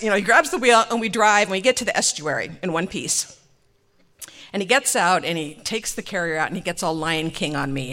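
A woman telling a comic personal story, animated and laughing often. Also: on the low side, brisk.

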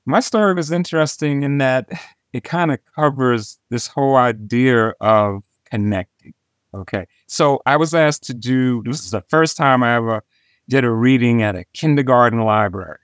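A man spins a story for an interview, lively and expressive, acting out each bit of dialogue. His voice sits in an ordinary middle pitch. The recording is dry and close, with no room sound. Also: moderate pace, no echo. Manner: animated storyteller who acts out quoted dialogue. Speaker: illustrator, interview guest. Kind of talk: storytelling in conversation.

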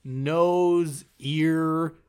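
Man, slightly high voice, casual crude movie-recap banter, does silly character bits. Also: fairly even intonation, extremely slow, a little mellow, smooth.

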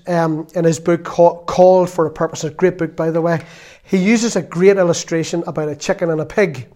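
A man in his fifties delivers an earnest, conversational sermon in a slightly high voice. He talks plainly to his listeners and sometimes drops to a quiet, confessional tone. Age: 50s. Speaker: preacher.

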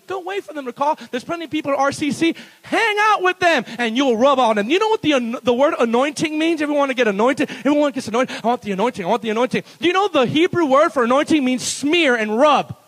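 A man preaching a sermon as pastor at a church service, animated and playful, breaking into laughs between bold declarations. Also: very high voice, poor audio.

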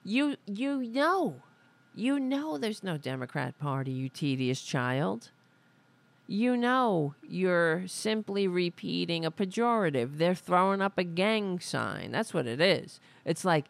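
Gravelly, slow-talking sarcastic woman host. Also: fairly low pitch, big pitch swings. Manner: sarcastic, heated ranting. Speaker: podcast host. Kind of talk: casual political commentary.

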